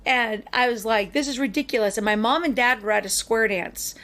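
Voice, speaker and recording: A woman hosting a podcast, telling a long personal story in an animated, chatty way with frequent fillers. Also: on the high side, a little fast. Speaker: podcast co-host. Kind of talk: casual storytelling chat.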